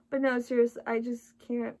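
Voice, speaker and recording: A woman's voice: a little high, darkish tone. A woman chatting in a casual, rambling way, full of restarts and "like", sounding tired and emotional. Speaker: vlogger reacting to an album.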